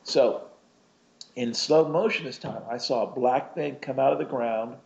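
A man's voice: medium pitch, a little slow, vocal fry. Rambling man telling a personal story. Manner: rambling, self-interrupting, chuckling between thoughts. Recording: dull lo-fi recording.

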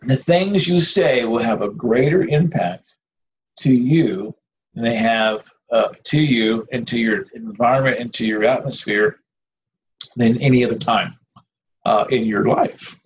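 A man's voice: medium pitch, a little slow. A man preaching an informal sermon in a conversational, rambling way, with restarts and asides. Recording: dull lo-fi recording with faint noise.

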